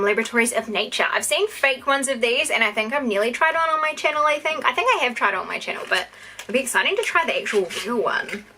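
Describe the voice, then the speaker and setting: A young New Zealand woman with a bright, forceful voice unboxing fan mail on her vlog. She gushes and gasps, her pitch sitting a little high as she talks to her viewers. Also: slight background noise. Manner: gushing, excitable, gasping and squealing. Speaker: YouTuber.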